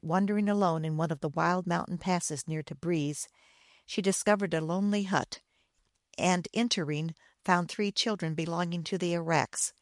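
A woman narrating a dark old story in a steady, measured reading voice. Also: fairly low pitch, no room sound, clean studio sound. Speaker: audiobook narrator.

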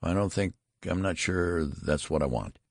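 Here is a flustered new father who stammers nervously and snaps back curtly. His voice is very deep, gravelly, and husky, a man acting him out in an audiobook. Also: lively intonation, normal speed, dry recording, clean studio sound, full character voice.

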